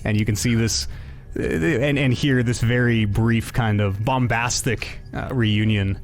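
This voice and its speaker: A man narrating a tabletop game as game master, hesitant and animated, with many pauses and restarts. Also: medium pitch.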